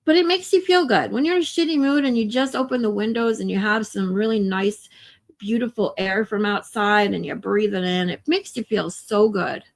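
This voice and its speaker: A woman's voice: mid-range voice, moderate pace, vocal fry. A woman hosting a casual livestream, talking to viewers in an emotional, chatty way with a lot of swearing. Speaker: livestream host.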